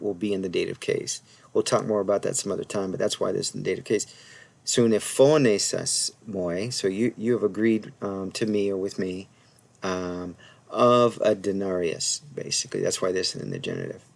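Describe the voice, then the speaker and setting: A man teaching a casual Bible Greek lesson from his slides, thinking aloud with many fillers and restarts, and reading Greek words slowly and carefully. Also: lowish voice, gravelly. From United States.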